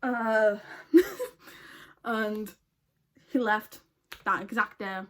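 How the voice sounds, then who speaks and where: A slightly high-voiced woman, chatting to camera at home in a casual storytime. She talks bluntly, swears freely and laughs often. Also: lively intonation, drawn-out words. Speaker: vlogger.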